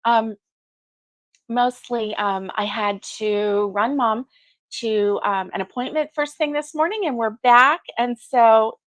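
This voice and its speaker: Middle-aged woman, host of a casual crochet livestream; slow, sleepy and chatty, slightly high voice, dry close recording. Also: fairly bright tone, dry recording. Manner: sleepy, chatty, yawning often. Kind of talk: casual morning livestream chat.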